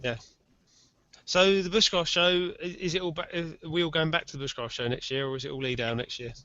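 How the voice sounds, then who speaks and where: A man's voice: a little high, fairly even intonation, fairly quick, bright, forceful tone, dry recording. Easygoing man in podcast chat. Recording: dull lo-fi audio.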